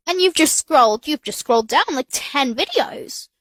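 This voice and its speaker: A woman with a high, bright-sounding voice rants in an exasperated comic way and scolds an app as though it could hear her. The room is dead and dry, with no echo around her. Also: lively intonation, moderate pace, few pauses. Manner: exasperated, talks back at an app. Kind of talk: comedic rant to camera.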